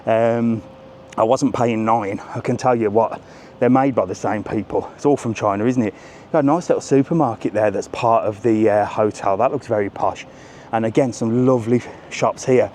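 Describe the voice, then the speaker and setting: A man's voice: lowish voice, normal speed, dark tone. A man doing a casual, cheeky live walking vlog, chatting straight to his viewers and reading out their messages as he goes. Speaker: travel vlogger on a live walking stream. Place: outdoors on resort streets. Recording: faint outdoor street noise. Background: faint street and traffic noise.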